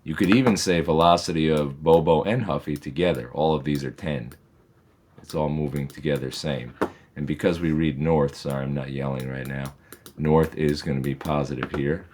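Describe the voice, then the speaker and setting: A man's voice: a bass voice, steady tone, normal speed, darkish tone, a little hiss or hum. A man, a physics teacher, patiently and methodically walks through homework problems in a recorded lesson, with reassuring asides.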